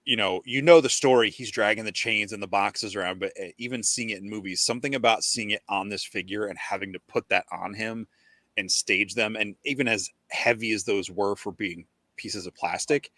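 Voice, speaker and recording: A man hosts a casual podcast in a bright, edgy voice that sits a little low. He talks with enthusiasm but hesitates often, with many ums and restarts. The sound is close and dry. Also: a little fast, dry recording. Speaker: podcast host. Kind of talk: casual chat about collectible toys.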